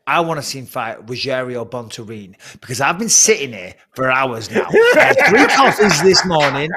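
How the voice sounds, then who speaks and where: Male pundit, high-pitched, lively joker in casual studio banter. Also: noisy background. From Britain. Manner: animated, jokey storytelling. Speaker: studio pundit and former fighter.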